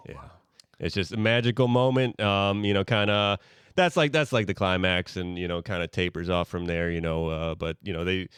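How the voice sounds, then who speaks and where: A man's voice: sits low, steady tone, moderate pace, a bit bright, clean tone, dry recording, studio quality. A man co-hosting a podcast, telling a story in an easygoing way with many fillers. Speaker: podcast co-host. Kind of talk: casual chat.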